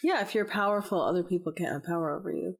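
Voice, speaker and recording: Engaged, low-voiced female podcast host. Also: quick pace, breathy edge, rough recording. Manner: prompting, engaged interviewer. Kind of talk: casual conversation.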